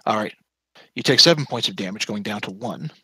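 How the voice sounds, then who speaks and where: Hesitant game master with a bright, husky voice. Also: male voice, fairly low pitch, a little fast, no room sound, low-quality recording. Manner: hesitant, often correcting himself on rules. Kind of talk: narrating a tabletop game.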